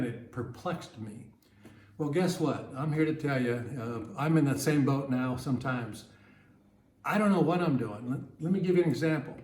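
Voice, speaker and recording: A man teaching ukulele in a relaxed, chatty way, with many fillers, counting beats and sometimes singing along. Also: medium pitch, echoey room, slight background noise. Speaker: ukulele club instructor. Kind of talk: casual ukulele lesson with strumming and singing.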